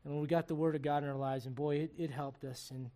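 A middle-aged man from Puerto Rico preaching a sermon to a congregation, shifting from fervent shouts to quiet, earnest appeals and slipping in jokes. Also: on the high side, fairly even intonation, fast talker. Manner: joking asides to the congregation. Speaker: pastor. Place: church service before a congregation.

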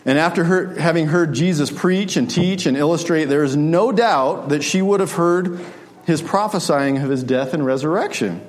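A man's voice: fairly high pitch, normal speed. A man preaching a sermon in a conversational way, often asking his listeners rhetorical questions.

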